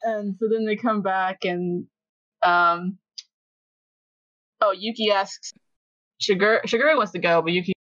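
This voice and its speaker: A woman on a podcast, casually recapping episodes and acting out the characters' lines in an animated way. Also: mid-range voice, measured pace, long pauses, no room sound, muffled recording. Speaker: podcast co-host.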